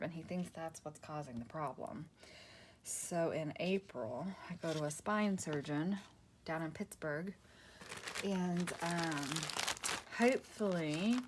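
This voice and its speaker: Against a noisy background, a woman with a low voice crafts at her table. This crafting vlogger chats casually with viewers, rambling, interrupting herself and laughing frequently.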